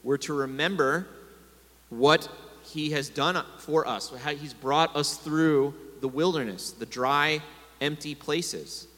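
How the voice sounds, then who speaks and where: A man's voice: on the high side, slow, a bit bright. A man preaching a sermon to a congregation, telling stories and calling for responses. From America. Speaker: pastor. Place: congregation hall. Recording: long hall reverb.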